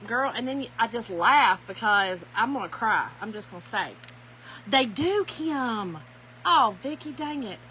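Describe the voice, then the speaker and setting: A middle-aged woman with a drawl hosts a casual craft livestream from home. Her voice is bright and a little high as she chats with viewers and calls out their names. A faint hum sits under the recording. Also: animated, unhurried, rough recording. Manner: chatty, greets viewers by name, laughs often.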